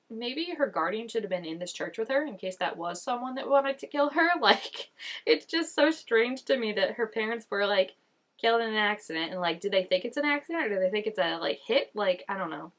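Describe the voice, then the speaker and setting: A young woman giving casual reaction commentary, chatty and full of "like", gasping and exclaiming as she watches. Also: medium pitch. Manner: chatty, lots of "like", gasps and exclaims while watching. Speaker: reaction vlogger.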